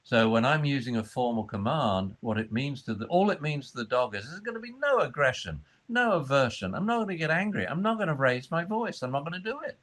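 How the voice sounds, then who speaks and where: A man's voice: brisk, hardly any pauses. A man explaining dog training in a conversation, acting out the voices he uses with dogs. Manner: acts out high fussy voices and low calm commands.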